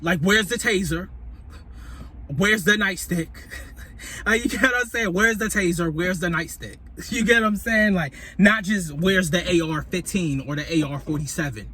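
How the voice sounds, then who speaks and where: Animated, cursing young man telling a story. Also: high-pitched, moderate pace, husky. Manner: animated, profane, swings between loud and muttered. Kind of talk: casual storytime monologue. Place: at his workplace on a break.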